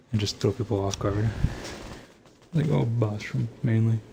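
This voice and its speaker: Nasal dude with a kinda dark mellow voice, just rambling late at night, swears a bunch. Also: male voice, fairly low pitch, vocal fry, slight background noise. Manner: rambling, swears a lot, laughs at himself.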